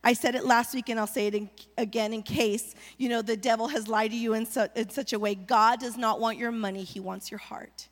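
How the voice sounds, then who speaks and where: A woman's voice: a little high, fairly even intonation, brisk, hardly any pauses. A woman preaching a sermon as the pastor's wife, rallying the congregation with call-and-response. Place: church sanctuary. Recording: long reverb of a large hall.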